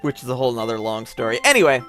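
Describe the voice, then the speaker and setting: A man's voice: mid-range voice, big pitch swings, very fast. A tipsy man hosts a let's play in casual commentary, rambling and tossing in joking asides. His close mic pops now and then, and faint game music plays behind him. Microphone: close mic with popping.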